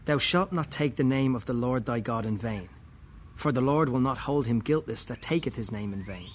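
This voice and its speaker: A man reading a first-person story aloud, slow and wry, with muttered, dry asides. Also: mid-range voice, lively intonation, slight background noise.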